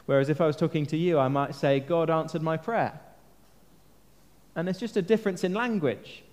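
A man's voice: fairly high pitch, lively intonation, fast, a little mellow. A man gives a sermon in a slightly raised voice. He speaks in an earnest, conversational way and puts questions to the congregation. Long reverb from a large church hall trails behind his words. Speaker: preacher.

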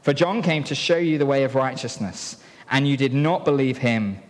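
A man preaching a sermon in a church, telling a story and drawing helpers into it in a playful, lively way. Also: mid-range voice, normal speed. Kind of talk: sermon with a live object lesson. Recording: long reverb in a hall.

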